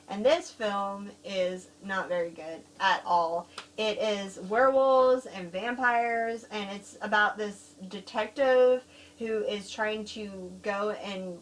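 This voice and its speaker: A woman co-hosting a casual horror-film review, telling stories in a giggly, animated way. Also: medium pitch, rough recording. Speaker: co-host reviewing horror films. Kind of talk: casual chat.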